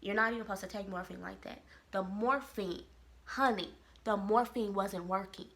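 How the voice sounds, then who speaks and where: A bright-voiced vlogger from Kansas City, Missouri, tells a casual story at a normal speed and medium pitch, animated and expressive, acting out quoted voices.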